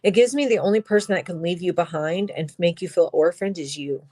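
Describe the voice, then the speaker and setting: A woman giving a personal tarot reading, emotional and halting, crying as she talks, with sighs and soft whispered asides. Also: fairly low pitch, poor audio. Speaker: tarot reader.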